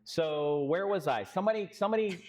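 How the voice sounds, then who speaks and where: High-pitched and brisk, a Texan-accented real estate co-founder delivers a business story before a live panel audience. He's animated throughout, voicing the characters' lines and asking the crowd questions.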